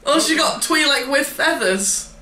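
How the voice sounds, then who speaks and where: A sidekick in a game session teases and giggles, with a bright, lively voice. The talk sounds echoey, with faint noise behind it. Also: sits high, unhurried. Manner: teasing, laughing, giving tips. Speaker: co-player and guide. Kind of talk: casual chat.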